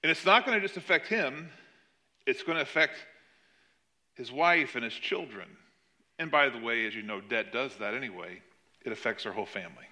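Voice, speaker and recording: A middle-aged man preaching a sermon, telling the story with animated swings between loud emphasis and quiet asides. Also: medium pitch, moderate pace, pauses often. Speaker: pastor.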